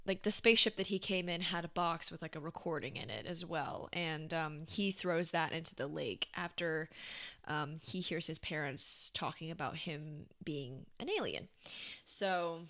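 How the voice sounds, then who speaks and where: Chatty woman co-host, relaxed comic book talk, laughs easily. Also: deep voice, moderate pace. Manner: chatty, laughing often, many fillers. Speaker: podcast co-host. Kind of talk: casual comic book discussion.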